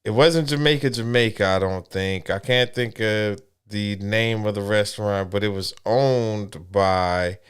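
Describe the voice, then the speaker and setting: A laid-back man co-hosting a casual podcast chat. He asks curious questions in a lowish voice that sounds smooth and resonant. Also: measured pace, hardly any pauses. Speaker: podcast co-host.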